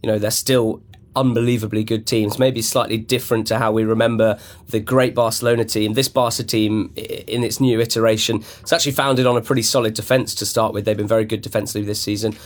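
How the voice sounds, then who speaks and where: A man's voice: fairly low pitch, flat delivery, fast. A man on a football panel in a studio, talking eagerly and enthusiastically in long runs. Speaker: pundit guest. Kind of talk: casual football chat.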